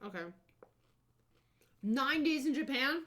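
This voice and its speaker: A young woman streamer chats casually while showing her travel photos, gushing and bubbly, now and then letting out excited squeals. Her voice sits high and she speaks slowly, with a very noisy recording.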